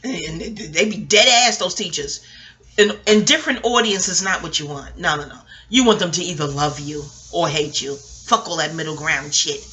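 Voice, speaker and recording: A woman's voice: deep voice, moderate pace, bright, forceful tone. A woman, rambling through a casual, profane TV recap at home, digressing and laughing often. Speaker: vlogger reviewing a TV episode. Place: home, near a kitchen.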